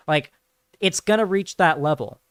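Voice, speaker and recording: Rambling, smooth-voiced male streamer. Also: fairly high pitch, moderate pace, a bit bright, dry recording, studio quality. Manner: rambling, profane, lots of fillers. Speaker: streamer and political commentator. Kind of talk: casual live-stream commentary.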